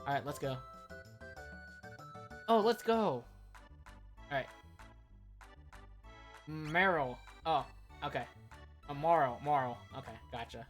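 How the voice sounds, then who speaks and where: Chatty woman streaming a game, lively pitch. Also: takes it slowly, long pauses, soft background music. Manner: chatty and joking, reacts with laughs and asides. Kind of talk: casual live game commentary.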